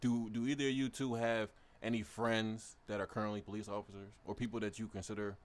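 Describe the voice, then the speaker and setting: Low-voiced young man, hesitant. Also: level tone, a little fast. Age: 20s. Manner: reflective, hesitant. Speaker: podcast co-host. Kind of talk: casual discussion.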